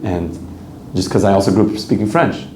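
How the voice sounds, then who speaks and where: A man teaches a Torah class in an earnest, chatty way, reading Hebrew lines and explaining them. His voice is dark and mellow. The sound is roomy and echoey, with a faint hum behind it. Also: low voice, brisk. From Canada. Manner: earnest, conversational, reads Hebrew text and translates it.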